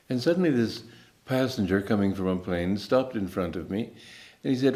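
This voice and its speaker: A man in his eighties, his voice on the low side, gives a spiritual talk as a teacher. He tells stories calmly and unhurriedly, with pauses.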